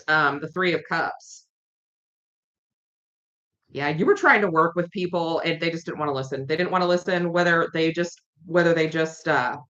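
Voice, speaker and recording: A woman's voice: low voice, fairly bright tone. A woman giving a chatty live-streamed tarot reading, repeating her points and reading viewer comments aloud. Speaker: tarot reader. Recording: dull lo-fi stream audio.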